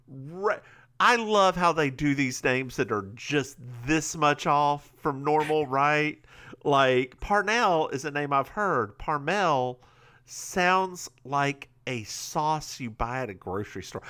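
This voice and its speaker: A man with a Southern accent, co-hosting a podcast and recapping a TV episode in a joking, animated way. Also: fairly high pitch, slow pace, clear, resonant tone. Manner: animated, joking, mimics characters. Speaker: podcast co-host. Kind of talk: casual recap chat.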